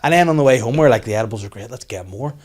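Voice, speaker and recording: A young man hosting a podcast, telling rapid, animated stories full of laughter and sweary acted-out inner voices. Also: medium pitch. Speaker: podcast host. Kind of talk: casual chat, storytelling.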